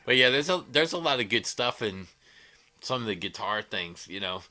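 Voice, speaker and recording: Man, guitar livestream host, rambling chuckling storyteller, sharp bright tone, soft guitar in the background. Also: medium pitch, lively intonation, normal speed. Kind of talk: casual livestream chat.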